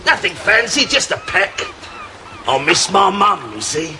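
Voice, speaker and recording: An actor playing a rough sailor who wheedles in a childlike way, with studio audience laughter. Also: male voice, high voice, huge pitch swings, unhurried, heavy background noise, full character voice. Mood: wheedling. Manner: gravelly, wheedling. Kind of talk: sitcom acting.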